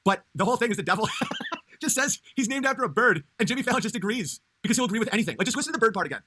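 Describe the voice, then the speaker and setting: Bright-voiced rambling male streamer. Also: sits high, expressive, breathy edge. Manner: rambling, laughing, halting. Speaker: comedian streamer. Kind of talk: casual livestream chat.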